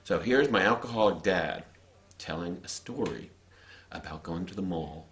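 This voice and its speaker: A middle-aged man with a very low voice talks casually over old family footage. He speaks in a relaxed, chatty way, restarting sentences as he goes. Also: normal speed. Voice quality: conversational, with restarts and laughs. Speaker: narrator of family film. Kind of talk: casual commentary over home video.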